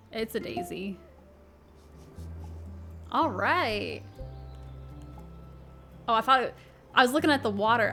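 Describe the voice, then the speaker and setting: Gamer girl gushing over a cozy game, giggly and chatty, bit of fry, soft music behind. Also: medium pitch. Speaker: let's play host. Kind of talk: casual gameplay commentary.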